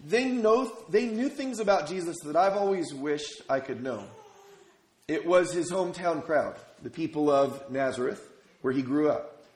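A man's voice: a little high, moderate pace, darkish tone. A man from Minnesota preaching a sermon as pastor, telling stories conversationally and asking the congregation rhetorical questions. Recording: echoey room.

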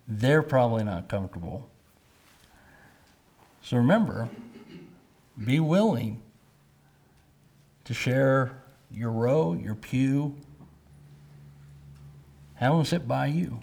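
A man's voice: medium pitch, lively intonation, takes it slowly, vocal fry, long pauses, a little mellow. Man preaching in a plain conversational voice. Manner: conversational, repetitive for emphasis. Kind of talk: church class lesson.

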